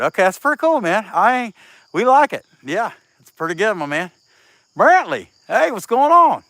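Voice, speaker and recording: A middle-aged chainsaw carver streams live from an outdoor workshop, chatting casually as he carves. His voice sits high, sing-song, bright and forceful at normal speed, with no room sound. He reads viewer comments aloud in a laid-back way and sounds a little sniffly from a cold.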